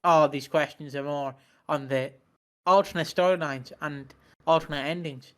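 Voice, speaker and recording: A man's voice: on the high side, fairly even intonation, moderate pace. A man co-hosting a podcast in casual chat, joking and teasing playfully. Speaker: podcast co-host.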